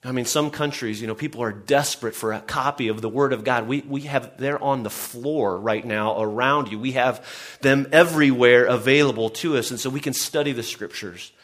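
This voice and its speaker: A man's voice: mid-range voice, normal speed, fairly bright tone. A man preaching a sermon to his congregation in an earnest way, often restarting and saying "I mean". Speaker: pastor.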